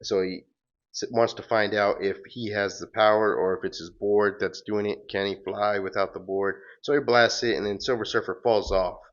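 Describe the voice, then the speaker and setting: A man's voice: lowish voice, steady tone, moderate pace. A man hosting a casual comic-book read-along, rambling with fillers and self-corrections, on a dull lo-fi recording. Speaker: host reading and recapping comics.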